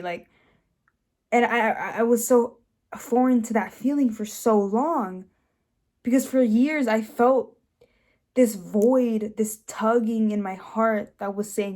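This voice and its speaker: A woman's voice: on the high side, slow pace, darkish tone. A young woman telling her personal testimony in a casual, earnest way, full of fillers and restarts. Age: young adult. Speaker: host sharing her testimony.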